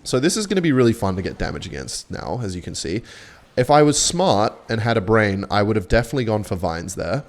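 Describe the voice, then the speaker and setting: A young man giving casual, sarcastic play-by-play of his own match, boastful and quick to swear. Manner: cocky, sarcastic, swears a lot, lively pitch swings. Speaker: gaming content creator. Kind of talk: live gameplay commentary.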